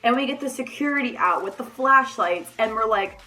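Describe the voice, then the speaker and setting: A young adult woman telling a story in a casual vlog, animated and swearing freely. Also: on the high side, moderate pace, soft background music. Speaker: vlogger.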